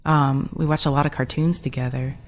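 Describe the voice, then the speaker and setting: A woman, the show's creator, chatting in an animated, rambling way and laughing often as an interview guest. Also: extremely low pitch, fairly quick. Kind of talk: casual chat.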